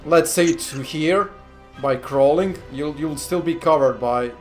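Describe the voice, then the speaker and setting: A man narrating as game master of a tabletop game, laughing often and filling pauses. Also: fairly high pitch, faint music behind. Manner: laughing often, hesitant fillers.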